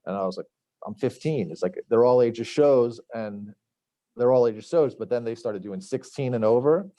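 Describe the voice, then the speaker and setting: A man's voice: medium pitch, normal speed, dark tone, dry recording. A middle-aged man from Long Island, telling stories as a guest, rambling with many fillers and acted-out quotes. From Long Island, New York. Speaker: chef and podcast guest. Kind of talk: casual storytelling interview.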